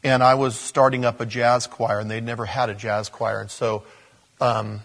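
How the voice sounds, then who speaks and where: Husky-voiced man preaching. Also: medium pitch, flat delivery, moderate pace. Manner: storytelling, swinging from quiet asides to loud emphatic peaks. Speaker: pastor. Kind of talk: sermon.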